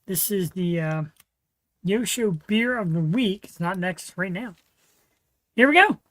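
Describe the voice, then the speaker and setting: A man's voice: high voice, a little slow, dry recording, rough recording. A man hosting his own livestream show, chatting casually and rambling with lots of fillers. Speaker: host. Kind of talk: casual solo livestream chat.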